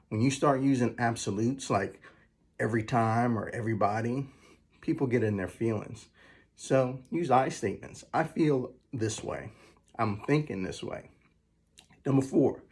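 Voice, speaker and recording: A man coaching viewers through numbered communication tips, slowing down to stress the key phrases. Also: on the low side, creaky, slightly rough. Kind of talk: motivational advice talk.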